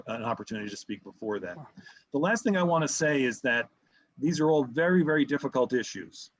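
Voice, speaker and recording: A man on a community board speaking at an online meeting, hesitant, with many fillers and restarts. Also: mid-range voice. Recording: dull, muffled call audio.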